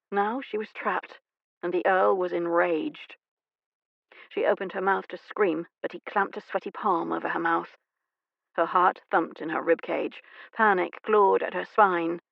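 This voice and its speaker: A woman narrating an audiobook in a measured, expressive way. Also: mid-range voice, gravelly, no echo. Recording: dry, slightly dull studio recording.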